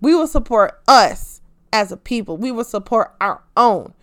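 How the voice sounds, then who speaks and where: A woman delivers an impassioned, profanity-laced rant as a show host. Her slightly high voice leaps even higher when she's angry, then drops low and quiet when she turns sarcastic. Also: normal speed. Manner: heated, profane, swings loud and pitch-jumping.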